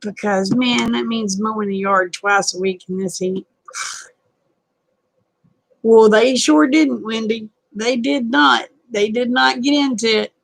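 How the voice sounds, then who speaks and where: Raspy, twangy woman, tired. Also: on the high side, a little slow, no room sound, poor audio. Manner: folksy, rambling, self-deprecating. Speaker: livestream host. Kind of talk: casual livestream chat with viewers. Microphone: phone camera close up.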